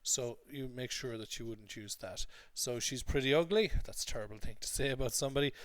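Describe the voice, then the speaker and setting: A man's voice: mid-range voice, brisk, no echo. Male English teacher explaining patiently. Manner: explanatory, repeats points, frequent "okay?" checks. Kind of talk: recorded lesson recap.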